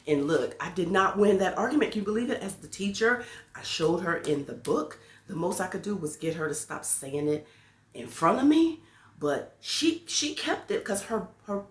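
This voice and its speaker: A woman's voice: fairly low pitch, big pitch swings, normal speed. A woman who works as a teacher, telling a story to her viewers in a casual, playful way, laughing as she goes. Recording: echoey room.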